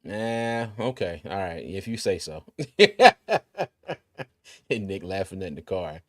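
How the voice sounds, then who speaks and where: Laid-back man, low voice. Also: normal speed. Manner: laid-back, chatty, many fillers and restarts. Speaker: sports podcast host. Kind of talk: casual live-stream chat.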